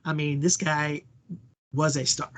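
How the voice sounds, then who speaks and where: Higher-voiced man chatting and chuckling. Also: unhurried. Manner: relaxed and joking, chuckles often. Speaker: podcast co-host. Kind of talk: casual podcast chat recapping a wrestling match.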